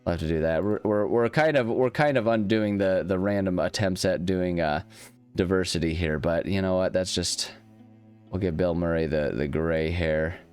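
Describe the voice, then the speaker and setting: A man's voice: low voice, normal speed, darkish tone, clear, resonant tone, soft background music. A man hosting a let's-play, rambling and self-deprecating as he thinks aloud through his choices. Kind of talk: casual gameplay commentary.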